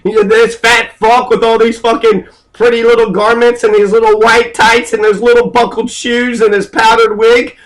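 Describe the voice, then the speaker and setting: High-voiced man ranting, profane and heated. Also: level tone, normal speed, few pauses, a bit bright, low-quality recording. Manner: angry, ranting, heavy cursing, rhetorical questions; frequent hesitations and fillers. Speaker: speaker giving a political history talk. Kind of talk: profane off-the-cuff lecture.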